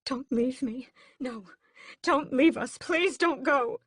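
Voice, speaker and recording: Woman reader doing a grand, scheming vampire matriarch for an audiobook, high and dry-voiced. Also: expressive, normal speed, a bit bright, dry recording. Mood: distraught. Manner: grand, high-pitched, swings from sobbing to gloating. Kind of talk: audiobook character voice.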